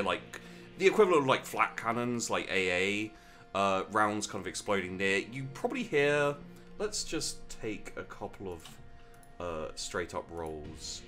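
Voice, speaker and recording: Casting: British man, easygoing game master, lower voice with lively swings. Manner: casual, halting with fillers, laughing. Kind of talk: narrating a tabletop game.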